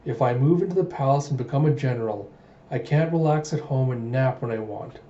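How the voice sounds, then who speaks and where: A man voicing a lazy, blunt young male guard in a flat, offhand way. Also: mid-range voice, brisk, slight background noise, close to an everyday voice. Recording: dull roomy home recording.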